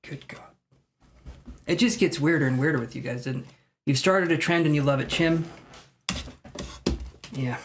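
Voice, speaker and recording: A man with a slightly high voice hosts a live tarot stream. He rambles, thinks aloud and pokes fun at himself while reading cards for his viewers. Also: normal speed, long pauses, a little hiss or hum. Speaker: tarot reader.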